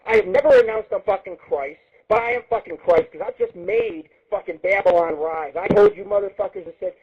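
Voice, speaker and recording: Cocky, crude man hosting a radio show, husky voice, swings high and low, lo-fi stream audio. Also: very animated, a little fast. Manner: boastful, crude, taunting. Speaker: internet radio show host. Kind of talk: profane ranting monologue. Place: Las Vegas.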